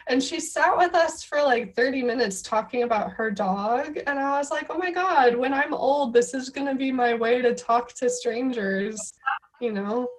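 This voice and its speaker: A woman's voice: high-pitched, moderate pace, poor audio. A young woman from the United States, a tour guide, telling chatty stories full of "like" and "um". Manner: chatty storyteller, many fillers like 'like' and 'um'. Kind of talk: casual chat.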